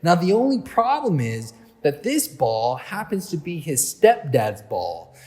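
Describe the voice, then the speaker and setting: A man's voice: fairly high pitch, wildly swooping pitch, a little slow, darkish tone. A man speaking as a youth pastor, giving a sermon to a youth group in a chatty storytelling way, with lots of fillers. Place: church hall. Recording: long hall reverb.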